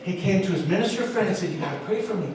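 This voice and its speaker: A man pastor preaching a sermon, building to emphatic, near-shouted peaks. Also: high-pitched, animated, racing, a little hiss or hum. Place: large church sanctuary. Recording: echoey church hall from far off.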